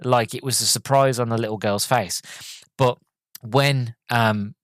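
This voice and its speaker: A man's voice: mid-range voice, steady tone, a little slow, no echo. A man hosting a podcast, reviewing a film in a casual, earnest and rambling way, stumbling over and repeating words as he gets sentimental. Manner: sentimental, openly moved.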